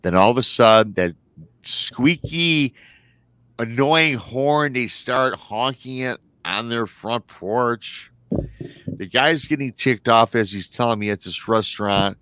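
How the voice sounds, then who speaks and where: A man's voice: fairly low pitch, measured pace, bright, forceful tone, smooth, no room sound. A man from Michigan hosting a livestream show, retelling a story in a chatty, colloquial way and often saying "he goes.". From Michigan, United States. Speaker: livestream host.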